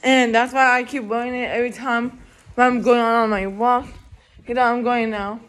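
A young woman vlogs outdoors while walking, chatting to her viewers in a rambling way and saying "you guys" constantly. Her voice is a little high, with fairly even intonation and a moderate pace.

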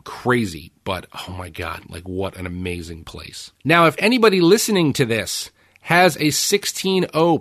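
A male podcast host telling casual stories with energy, swearing freely and acting out what other people said. His voice sits at a middle pitch for a man and is recorded dry and close, with no room echo. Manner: animated storytelling with swearing and acted-out quotes. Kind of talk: casual chat.

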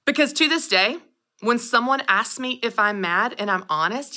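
A woman in her thirties hosting a solo podcast, telling personal stories with animated delivery and acting out quoted lines. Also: fairly high pitch, normal speed. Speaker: podcast host. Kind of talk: scripted solo podcast monologue.

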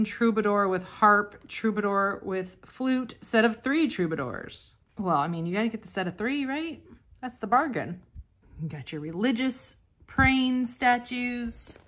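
Excitable woman chatting thru an old catalog at home, reads stuff out and gets all giddy. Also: mid-range voice. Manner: chatty and excitable, gasps and laughs at items. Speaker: vintage catalog vlogger. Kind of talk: casual commentary while reading a catalog.

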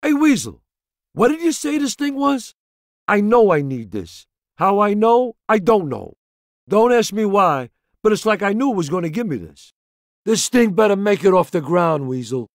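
An actor playing a tough, profane male mobster convict in a video game, talking with gruff swagger. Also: high voice, sing-song, normal speed, dry recording, studio quality. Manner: gruff, swaggering, swears constantly.

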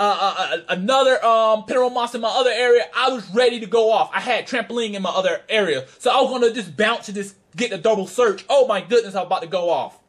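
A man's voice: sits high, fairly bright tone. A man casually telling a story in a vlog, brash and profane, with frequent laughter and trash-talk. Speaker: card game player recounting a tournament.

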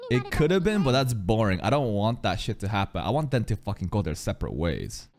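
A man reacting live to an anime episode, excitable and profane, talking back at the screen. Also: lowish voice, fairly quick, a little hiss or hum.

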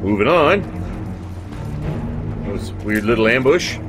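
Unhurried and expressive, a man with a lowish voice hosts a let's play. He keeps up casual, chatty commentary and swears freely while addressing his in-game companions, with video game music in the background.

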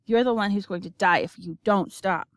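A woman's voice: medium pitch, normal speed, dry recording, studio quality, natural voice. A woman reading an audiobook, voicing a fierce, fearless young woman who speaks bluntly in a harsh whisper. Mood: urgent.

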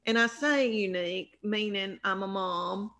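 A woman's voice: mid-range voice, unhurried, sharp tone. Middle aged southern lady, comedian, rambling chatty storyteller, self deprecating. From American South. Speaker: comedian guest. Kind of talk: casual storytelling interview.

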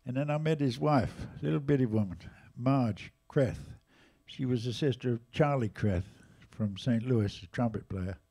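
At a live museum event, an English man in his eighties, a jazz drummer and storyteller, shares casual jazz anecdotes with lively animation, lifting his voice when quoting others. He speaks in a mid-range voice, a little slowly, with few pauses.

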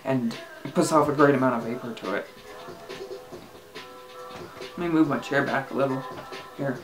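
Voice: mid-range voice, normal speed. Rambling casual reviewer, faint music behind. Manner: rambling, hesitant, lots of fillers and restarts. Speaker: e-liquid reviewer.

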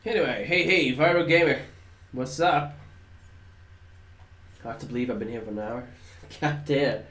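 Unhurried and fairly bright, a mid-range male voice belongs to a native Dutch speaker from the Netherlands who streams games. He comments casually on live play, banters with chat, and sometimes swears. There's roomy echo and faint background noise.

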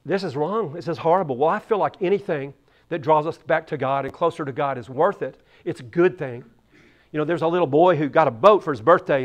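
A male pastor giving a conversational sermon, telling stories and often repeating words. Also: fairly high pitch.

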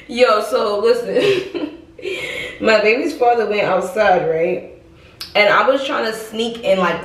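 Slangy chatty young woman vlogging. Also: medium pitch. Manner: slangy, chatty, talks straight to viewers. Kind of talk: casual vlog chat. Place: hotel room.

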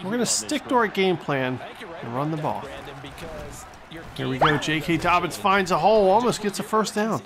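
High-voiced excitable man calling plays. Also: normal speed. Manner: excitable, exclaims at big plays, mocks the other team. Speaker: gaming channel host. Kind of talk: play-by-play commentary over a football video game. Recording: stadium crowd noise from the game behind.

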